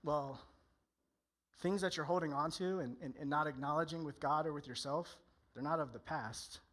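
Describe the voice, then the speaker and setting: A man's voice: on the high side, moderate pace, a bit bright. A male pastor preaching a candid, conversational sermon in church, often acting out people's inner voices.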